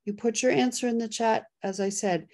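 The host, a woman whose pitch runs fairly high, reads poll results and the chat aloud during a casual live video-call webinar, easily excited and laughing often.

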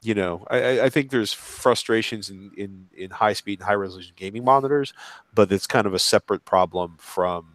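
A man with a fairly low voice, talking as a panel guest in a live online discussion. He rambles through his thoughts, jumping into acted-out quotes along the way. The sound is dry and close. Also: brisk, no echo.

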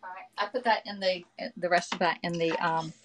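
Streaming live from her home kitchen, this woman cooks while reading viewer comments aloud and chatting in a friendly way, calling out "y'all" and "okay" to her audience. Her voice is fairly low and steady, her pace brisk, and the background is noisy.

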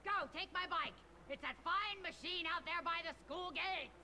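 An actress voicing a gruff, bossy older school cook in a video game who cackles as she gives orders. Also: extremely high pitch, normal speed, noisy background.

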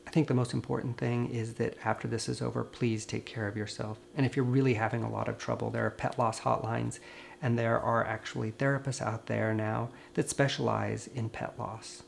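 Grieving vet vlogging to camera: gravelly, mid-pitched, earnest, consoling, faint background hiss. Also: male voice, little pitch movement, fairly quick. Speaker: veterinarian and video host. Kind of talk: personal vlog talk to camera.

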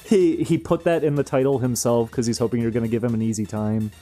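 A man's voice: medium pitch, fairly even intonation, moderate pace, mellow, soft background music. A young man streaming, rambling through casual commentary with frequent amused laughs.

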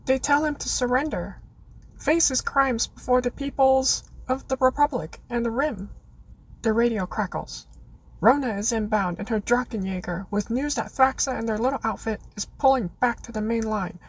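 A woman's voice: on the high side, breathy edge, low-quality recording. A woman reading out her prepared fan essay in an earnest way, with playful dramatic flourishes. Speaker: listener contributor.

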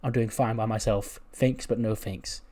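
A man's voice: fairly low pitch, steady tone, normal speed, a little mellow, natural voice. A man voicing a confident male wrestler, friendly but firm.

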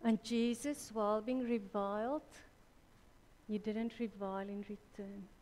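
A woman preaching a sermon at a church women's conference, slow and deliberate, correcting herself mid-sentence. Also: mid-range voice, fairly even intonation, darkish tone. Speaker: conference speaker. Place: church hall. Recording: reverberant church hall.

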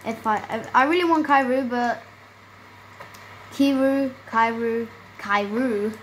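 A woman chatting excitedly to her viewers while she plays a video game. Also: a little high, takes it slowly, slight background noise, rough recording. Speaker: gaming channel host. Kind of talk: casual gameplay commentary.

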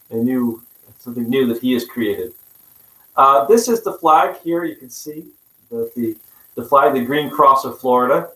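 A man giving a history lecture, his voice at a middling pitch and carried by a roomy, echoing space. He talks haltingly, full of "uh" and restarts, and adds wry, self-deprecating remarks as he goes. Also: fairly bright tone. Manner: halting, many fillers and restarts; wry, self-mocking asides. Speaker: history presenter. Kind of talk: public history lecture with slides.

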